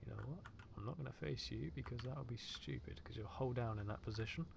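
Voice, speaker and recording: Gravelly man swearing through a game stream. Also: medium pitch, fast talker, noisy background. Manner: profane, joking chatter with his chat. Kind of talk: live gameplay commentary.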